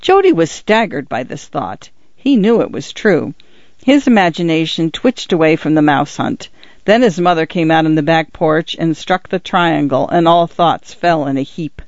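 A man narrating a story in a steady, even audiobook reading. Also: fairly high pitch, normal speed, no room sound. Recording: dull, lo-fi dry recording.

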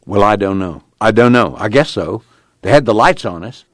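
A man playing a beaten-up young farmhand in a story reading, drawling in rough rural dialect, a bit higher than the reader's own low voice and very lively in pitch. it's a dry, close recording. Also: moderate pace, no echo, close to an everyday voice. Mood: shaken. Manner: drawling rural dialect, raises to strained grief. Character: young man, battered, weary and shaken.

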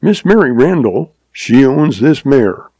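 A man's voice: mid-range voice, sing-song, slow pace, mellow, slightly rough, no room sound, voice pushed up, heavily acted. A man voicing a chuckling, folksy little old male stableman in a western audiobook, talking in a country drawl. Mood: chatty.

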